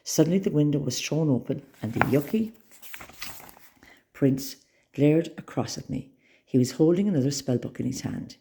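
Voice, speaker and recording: A woman reading a children's story aloud with expressive, dramatic storytelling. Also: sits low, normal speed, gravelly, long pauses.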